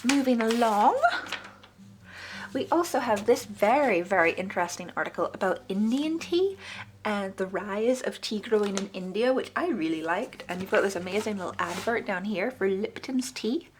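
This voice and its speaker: A chatty woman talks through a magazine review in a relaxed vlog. She sounds enthusiastic, and her voice leaps higher whenever something delights her. A faint noise floor sits under the recording. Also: normal speed. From Britain. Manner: chatty and enthusiastic, with lively pitch jumps. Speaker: book club vlogger.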